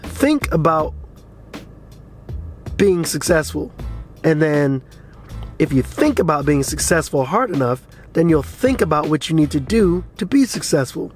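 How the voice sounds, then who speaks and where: A man with a fairly high voice rants to his viewers in a blunt, frustrated way. He swears freely and hammers the same points again and again in a casual vlog. Faint music plays behind him. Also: very animated, a little slow, long pauses. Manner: frustrated, blunt and profane, with repeated urging. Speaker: crypto vlogger. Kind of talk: casual rant to camera.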